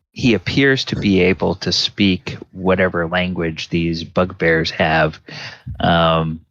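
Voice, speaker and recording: A man narrating a tabletop game as dungeon master, halting and full of filler words. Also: low-pitched, fairly bright tone, no echo. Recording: dull lo-fi sound.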